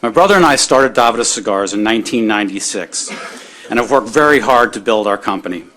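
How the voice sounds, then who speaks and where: A man's voice: lowish voice, lively intonation, quick pace, fairly bright tone. A man, a business owner, giving firm and formal prepared testimony at a hearing.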